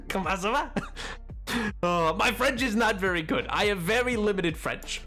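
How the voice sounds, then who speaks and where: A high-voiced man streams a game and chats with his viewers. He rambles with great animation and cuts himself off mid-sentence, while faint music plays underneath. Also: normal speed. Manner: animated, rambling, self-interrupting. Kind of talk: casual chat while gaming.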